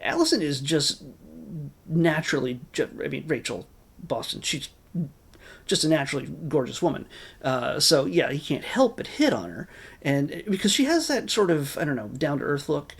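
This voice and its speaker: A man's voice: a little high, big pitch swings, moderate pace, breathy edge. A man giving a casual, rambling spoken review of a film, with wry asides and many restarts. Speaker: movie reviewer.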